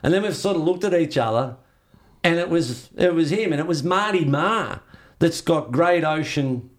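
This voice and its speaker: A man's voice: on the high side, lively intonation, normal speed. Laid-back older Australian man telling stories. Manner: rambling, laid-back, swears freely, acts out quoted dialogue. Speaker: interviewee, surfer. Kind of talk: casual storytelling.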